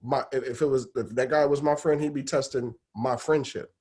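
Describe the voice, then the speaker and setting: A man's voice: mid-range voice, steady tone, a little fast, darkish tone. A man co-hosting a casual podcast, emphatic, repeating words as he builds his point. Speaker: podcast co-host.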